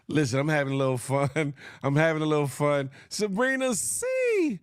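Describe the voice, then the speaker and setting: A man hosting a casual morning commentary show, joking and laughing while he riffs on the news and shouts out viewers by name. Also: a little high, big pitch swings, normal speed, few pauses, smooth, no echo, studio quality. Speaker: host.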